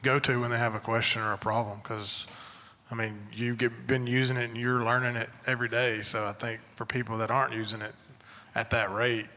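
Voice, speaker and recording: A man's voice: medium pitch, little pitch movement, a little fast, pushed and bright. A man in the audience answering a question from the floor, speaking in a hesitant way while searching for words. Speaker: audience member. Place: large conference hall. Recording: distant voice in reverberant hall.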